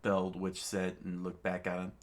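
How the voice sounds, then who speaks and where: A man narrating a manga aloud, halting and restarting often. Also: low-pitched, completely flat delivery. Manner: halting, many fillers and restarts. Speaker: reader, narrator. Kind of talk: unscripted manga read-aloud.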